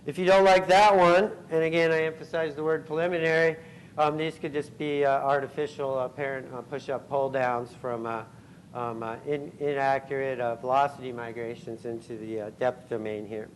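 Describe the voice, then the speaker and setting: A man giving a scientific conference talk, pausing often with ums and uhs and clearing his throat. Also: mid-range voice, little pitch movement, slight background noise, poor audio. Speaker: conference speaker. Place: convention center hall.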